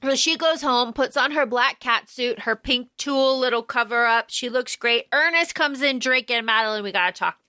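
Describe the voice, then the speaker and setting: Woman co-host, very high and bright voice, lively recap acting out lines. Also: normal speed, few pauses, no echo, clean studio sound. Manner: animated retelling, acting out lines, swearing freely. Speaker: podcast co-host. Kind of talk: casual movie recap chat.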